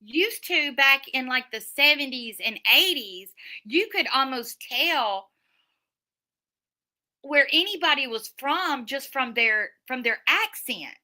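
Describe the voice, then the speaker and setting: A woman's voice: high-pitched, slow. A middle-aged woman, hosting a livestream, chatting casually with viewers and telling stories. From Southern United States. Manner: chatty storyteller, animated, many restarts. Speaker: livestream host. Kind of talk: casual chat reading viewer comments.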